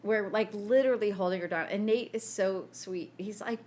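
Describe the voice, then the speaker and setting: A woman's voice: mid-range voice, normal speed. A woman co-hosting a casual chat podcast, telling stories with lots of laughter and acted-out quotes. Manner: animated storyteller, laughs often, acts out quotes. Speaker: podcast co-host.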